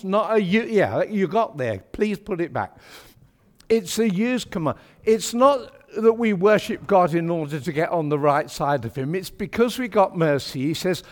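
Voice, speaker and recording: A man delivers a sermon in a chatty, wry way, pressing hard on his key points. His voice runs somewhat high for a man. The church around him adds a long, hanging reverb. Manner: chatty, wry and emphatic, with homely British turns of phrase. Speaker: preacher.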